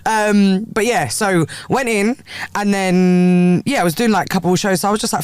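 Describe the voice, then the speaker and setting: A woman's voice: medium pitch, a little mellow, smooth, dry recording, studio quality. A young woman from southern England, a podcast guest telling stories in a casual, laughing way. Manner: laughing, chatty storyteller with quick asides. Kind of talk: casual chat.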